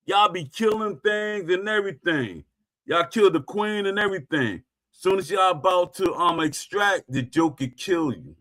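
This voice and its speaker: A middle-aged male streamer rants to his viewers, repeating himself emphatically and driving every point home with "Facts." His voice sits high and fairly bright, and he talks at a moderate pace.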